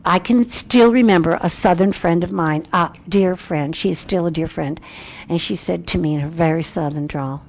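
A woman giving a candid, self-reflective Christian devotional talk with a brisk, emphatic delivery. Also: fairly low pitch. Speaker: Christian speaker.

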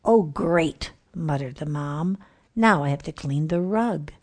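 A woman's voice: sits low, slow, a little mellow. A woman voicing a harried mother in a comic Christmas poem, wry and exasperated.

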